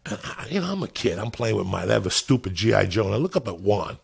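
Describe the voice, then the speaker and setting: A man in his fifties with a deeply gravelly voice tells stories in casual podcast talk. His tone is rough and breathy, and his delivery is loud and animated, full of swearing and repeated words. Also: fast. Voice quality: gravelly, husky. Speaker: podcast guest, comedian. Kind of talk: profane storytelling in casual chat.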